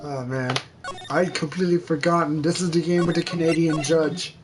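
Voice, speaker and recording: Low-voiced woman making casual game commentary. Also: fairly even intonation, moderate pace, music in the background. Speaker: let's play narrator.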